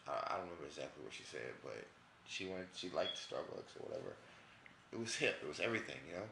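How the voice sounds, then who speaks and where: A man's voice: extremely low pitch, sing-song, quick pace, vocal fry, sharp tone, reverberant, slight background noise. A man from New York with a New York accent, telling a personal story in a loose, rambling, profane way full of fillers. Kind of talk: casual storytelling.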